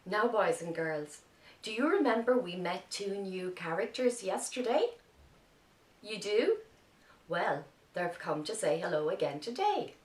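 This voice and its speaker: An Irish woman teaching young children, speaking gently and clearly as she tells a story. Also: fairly low pitch, big pitch swings, a little slow. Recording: roomy sound from a distant mic.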